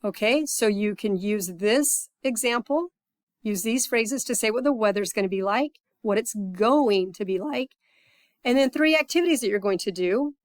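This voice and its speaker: A woman teaching a recorded language lesson, patient, checking in with "okay" often and reading example phrases slowly. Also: a little high, lively intonation, no room sound. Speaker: Spanish teacher.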